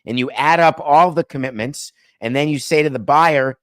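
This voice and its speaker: At a moderate pace and with a slightly bright voice, a man talks sports by himself on his show. There's no room sound and the quality is studio-grade; he's chatty and dry-humored, prone to digressions and sudden pitch lifts to underline things.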